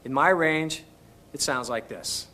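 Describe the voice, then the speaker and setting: A man's voice: medium pitch, a little slow, sharp tone. A man teaching singing on an instructional video, patiently coaching each step. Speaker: vocal instructor.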